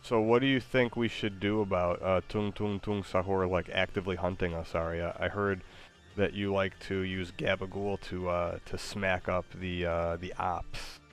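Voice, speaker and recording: A man's voice: sits low, little pitch movement, moderate pace, faint music behind. A man hosting a stream in casual chat, goofy and playful, often hesitating with uhs. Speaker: streamer host.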